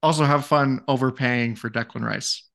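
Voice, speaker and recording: A man's voice: mid-range voice, fairly even intonation, moderate pace, gravelly, a bit bright. A man co-hosting a casual sports podcast, wry and teasing. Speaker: podcast co-host.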